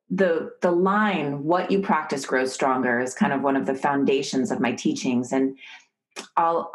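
Low-pitched woman, calm measured teacher vibe, podcast guest telling a story. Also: low-quality recording. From United States. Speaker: guest, author and professor.

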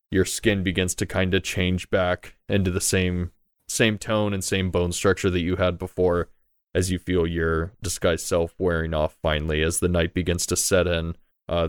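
A man narrating as game master, relaxed and full of fillers. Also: low-pitched, smooth, dry recording, studio quality.

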